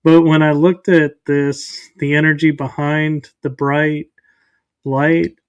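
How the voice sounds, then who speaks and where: A man hosting a podcast, speaking in a measured, thoughtful way. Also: on the high side, little pitch movement, clear, resonant tone, no echo, muffled recording. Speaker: podcast host. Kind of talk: casual podcast chat.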